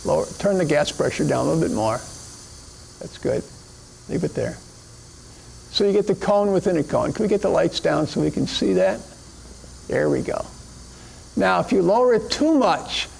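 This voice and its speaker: In a classroom or lecture hall, a middle-aged chemistry teacher banters with assistants during a demo. He speaks in a high register with vocal fry and a darkish tone, over slight background noise.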